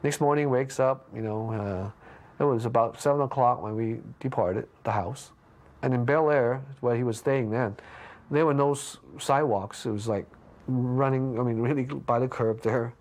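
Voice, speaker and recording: A man being interviewed, casually telling a story with lots of restarts and stammers, jumping up in pitch when he acts out what people said. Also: normal speed. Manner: lively anecdote with frequent restarts and stammers; acts out quoted lines with big pitch jumps.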